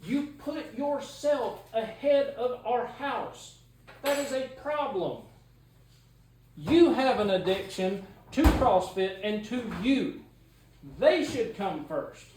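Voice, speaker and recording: A woman argues at home in an accusatory, insistent way, her voice sitting a little high. She is caught from a distance in a very echoey room with clear background noise. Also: lively intonation, takes it slowly. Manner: accusatory, insistent, talks over the other. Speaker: parent in a home argument. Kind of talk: heated domestic argument.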